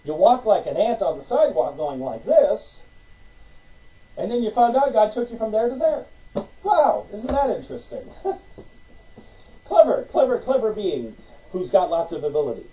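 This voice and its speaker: A man preaching a sermon in an animated way, acting out little conversations and laughing between points. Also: high voice, normal speed, pauses often, recorded from a distance, lo-fi sound, a little hiss or hum. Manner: animated, acts out conversations with God, laughs often.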